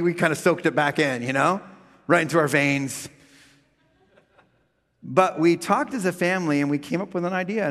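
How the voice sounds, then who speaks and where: A middle-aged male pastor preaching with comic storytelling, swinging from loud funny voices to quiet reflection. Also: on the high side. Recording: long hall reverb.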